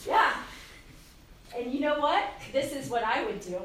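A woman in her fifties giving a casual Christian talk to young people, chatty and animated, often laughing and acting out the voices in her head. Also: high-pitched, a little slow, slight background noise. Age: 50s. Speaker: youth speaker. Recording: roomy, distant hall mic with faint ambience.

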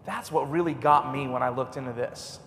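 A man preaching a sermon, telling a personal story with swings from a hush to a loud, high voice. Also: normal speed, big-room sound, slight background noise.

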